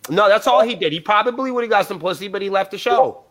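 A man who plays in a band spins a lengthy, foul-mouthed tale as a guest on a live podcast, voicing both parties in the exchange. He talks fast in a high, fairly bright voice.

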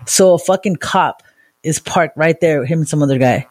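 A woman from Southern California, co-hosting a podcast and telling a wild story in a casual, profane, animated way. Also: low voice, moderate pace. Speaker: podcast co-host.

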